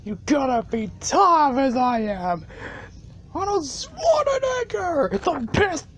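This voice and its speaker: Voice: high-pitched, sing-song, takes it slowly, fairly bright tone, exaggerated voice. A performer voicing a boastful young woman who acts tough, in a homemade cartoon. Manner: bragging, showy.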